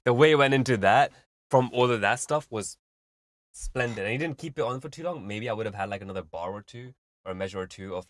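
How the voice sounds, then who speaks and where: A man's voice: mid-range voice, fast talker, slight background noise. A man hosting a live stream, giving casual, rambling music feedback full of fillers and vivid analogies.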